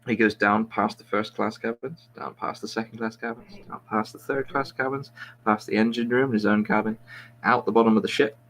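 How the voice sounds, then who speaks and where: A man's voice: on the low side, steady tone, fairly quick, fairly bright tone, slight background noise, rough recording. Rambling man telling a long joke. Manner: rambling, self-mocking storyteller with frequent restarts. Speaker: podcast host. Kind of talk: casual joke telling among friends.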